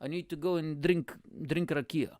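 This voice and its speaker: A man voicing an impatient male Bulgarian bus passenger who shouts demands and swears. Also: a little high, steady tone, normal speed, no room sound, clean studio sound, natural voice.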